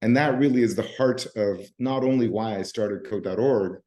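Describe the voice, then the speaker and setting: A middle-aged man with a slightly scratchy, hoarse voice, giving a relaxed live-stream talk over a video call with ums and restarts. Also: lowish voice, moderate pace. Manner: relaxed, talks with fillers and restarts. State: hoarse from voice overuse. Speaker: guest speaker, nonprofit founder.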